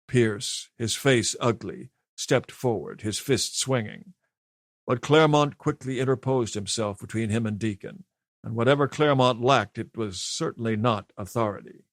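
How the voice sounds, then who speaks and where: Guy reading a thriller audiobook, steady and even, medium voice, dry no-room sound. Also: mid-range voice, moderate pace, no echo. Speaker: audiobook narrator. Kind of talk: scripted narration.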